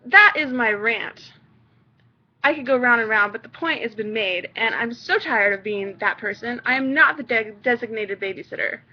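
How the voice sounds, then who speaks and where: A woman's voice: fairly high pitch, moderate pace, dull audio. A young mother ranting on her vlog, exasperated and swearing freely. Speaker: vlogger, mother.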